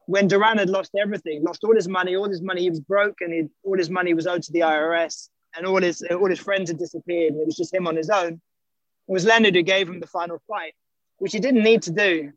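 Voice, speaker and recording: A man's voice: sits high, steady tone, quick pace, dry recording, muffled recording. A man, a documentary director as guest, giving reflective interview answers with frequent restarts.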